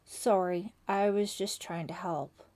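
A woman's voice: fairly low pitch, fairly even intonation, slow, darkish tone. A woman voicing a friendly young male camp counselor who talks in an easygoing, sympathetic way.

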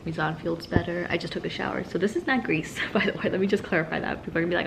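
A woman's voice: lowish voice, very fast, gravelly, few pauses. A congested woman chatting casually to her vlog camera at home, laughing now and then as she talks. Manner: chatty, laughs between lines. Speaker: vlogger. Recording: steady noise from a steamer.

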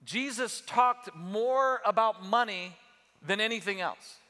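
A man preaching in a large church auditorium, his bright, somewhat high voice carrying over a long reverb. He starts out conversational and builds to emphatic, raised points. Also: slow. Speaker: pastor. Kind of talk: sermon.

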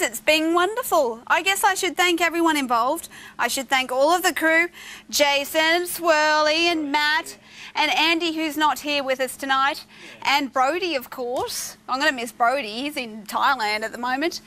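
An Australian woman hosting a live call-in television quiz, chatty and playful and quick to laugh. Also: sits high, sharp tone. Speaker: quiz show host. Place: television studio.

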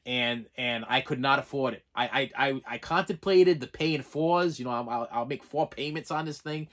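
A man's voice: mid-range voice, normal speed, a bit bright. Casting note: male vlogger, rambling casual rant, stammers and repeats himself, sincere and a bit emotional. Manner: rambling, repeats words, stumbles over names; sincere and emotional when thanking viewers. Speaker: channel host.

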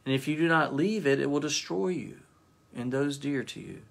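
Quiet, firm angel at the door, read by a male pastor. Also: fairly high pitch, animated, moderate pace, vocal fry. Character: calm, stern male angel gatekeeper.

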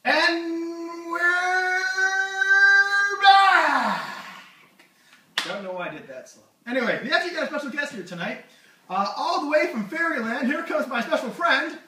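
A man's voice: extremely high pitch, animated, quick pace, noisy background. A man hosting a comedy show, rambling through a jokey monologue and losing his train of thought. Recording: echoey room, far from mic.

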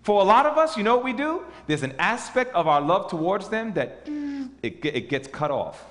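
A man preaching a sermon, emphatic and animated, questioning his audience as he goes. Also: high-pitched, normal speed. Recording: reverberant hall.

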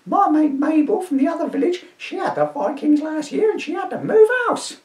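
A man voicing a shrill, indignant old village woman in a high, quavering crone voice. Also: very animated, moderate pace, a little mellow, far from the mic. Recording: roomy echo, voice from off-mic.

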